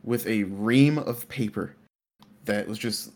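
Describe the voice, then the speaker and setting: Low-voiced man telling a rambling story. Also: slow, darkish tone. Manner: rambling storyteller with many fillers. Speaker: IT worker. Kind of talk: casual chat.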